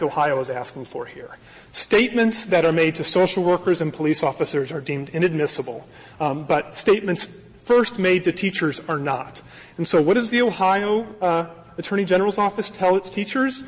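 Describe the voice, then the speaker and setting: A man argues before a high court, earnest and insistent as he presses each point. His voice sits high for a man. The archival recording carries a long, ringing reverb from a large courtroom. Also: moderate pace. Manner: earnest, emphatic, persuasive. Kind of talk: formal courtroom oral argument.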